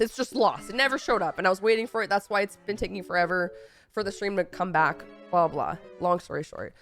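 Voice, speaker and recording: A young Texan woman with a cold chats casually on her livestream, her mid-range voice bright and forceful. She rambles through a story, tossing in exasperated asides.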